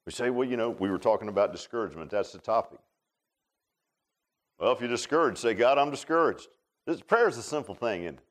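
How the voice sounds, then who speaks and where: A man's voice: medium pitch, lively intonation, fairly quick. A man preaching a sermon as pastor, in a folksy, conversational way, repeating phrases and calling people "man".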